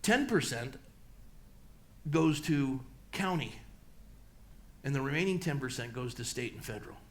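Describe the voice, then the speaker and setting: A middle-aged man, a pastor speaking in a church, talking emphatically and swinging between loud peaks and low, slow passages. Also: animated. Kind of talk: church talk and Q&A answer. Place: church hall.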